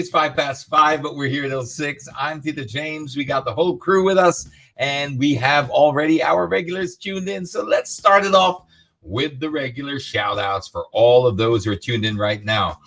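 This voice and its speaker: A man's voice: fairly high pitch, moderate pace. A man hosting a live stream in a casual, playful way, greeting his viewers by name. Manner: energetic, playful, reads out viewer names. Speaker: host.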